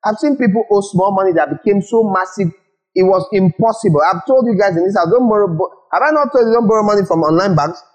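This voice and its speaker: A man's voice: high-pitched, fast, poor audio. A man from Nigeria preaching a sermon as pastor, acting out little scenes and repeating words for emphasis.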